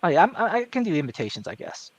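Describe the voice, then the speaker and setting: High-voiced articulate man in casual chat. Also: huge pitch swings, no room sound. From American South. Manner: articulate, measured, with many fillers and restarts. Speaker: panel guest.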